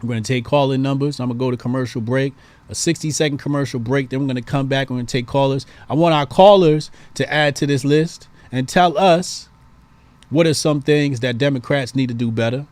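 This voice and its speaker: A man's voice: medium pitch, fairly quick, darkish tone, no room sound. A man hosting a call-in show, giving emphatic, preachy political commentary and repeating points for stress.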